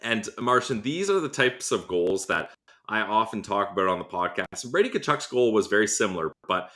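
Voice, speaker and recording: A man hosting a sports podcast, chatting casually with an upbeat, playful manner and quick laughs. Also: lowish voice, animated, pushed and bright. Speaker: podcast host.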